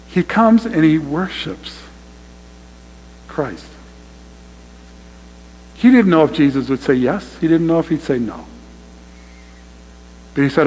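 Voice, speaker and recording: A man with a fairly high voice preaches an emphatic sermon, speaking straight to his congregation. The sound rings with the long reverb of a church hall. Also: animated, measured pace, long pauses, slight background noise. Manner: emphatic, addresses congregation as "you guys". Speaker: pastor. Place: church sanctuary.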